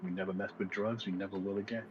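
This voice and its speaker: A man playing his character in a tabletop game, speaking calmly and firmly. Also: low voice, fast. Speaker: player. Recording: dull lo-fi mic with noise.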